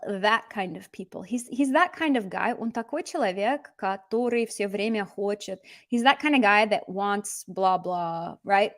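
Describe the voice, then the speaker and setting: A woman teaching a casual live language lesson, chatty and explanatory, slipping Russian phrases into her explanations. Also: fairly high pitch.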